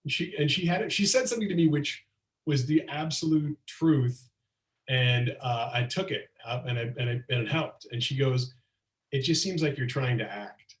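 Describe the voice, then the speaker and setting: A middle-aged man telling lively anecdotes as a comedian guest, slipping into acted-out quotes, on a video call. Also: mid-range voice, moderate pace. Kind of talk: casual storytelling chat. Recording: roomy echo, far from mic.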